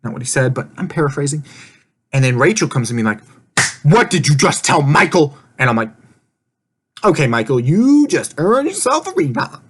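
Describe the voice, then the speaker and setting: A man's voice: medium pitch, lively intonation, fairly quick, pauses often, a bit bright, slight background noise. Rambling, laughing young man. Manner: rambling, laughs often, swears casually, acts out quotes. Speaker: vlogger recapping an online game. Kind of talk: casual rambling recap.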